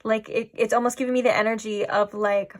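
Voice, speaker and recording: A woman's voice: a little high, little pitch movement, brisk. Rambling woman doing a tarot reading. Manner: rambling, heavy use of "like"; trails off into soft musing asides. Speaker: tarot reader. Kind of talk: casual pick-a-card tarot reading.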